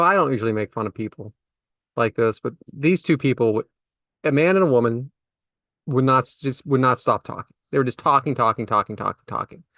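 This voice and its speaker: A man's voice: no room sound, clean studio sound. A middle-aged man co-hosting a podcast, telling exasperated everyday stories in a casual chat. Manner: animated, exasperated storytelling with big pitch jumps. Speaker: podcast co-host.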